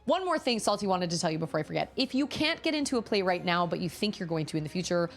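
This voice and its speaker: A woman's voice: fairly low pitch, big pitch swings, quick pace, faint music behind. A woman streaming a game, chatting casually and musing aloud as she sorts through menus, repeating item names under her breath. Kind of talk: casual live-stream chat while playing.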